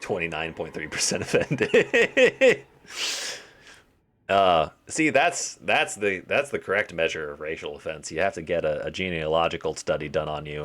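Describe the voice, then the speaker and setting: This young live-streamer has a very deep, slightly bright voice, and he rambles through a game, cracking jokes to his chat and to himself.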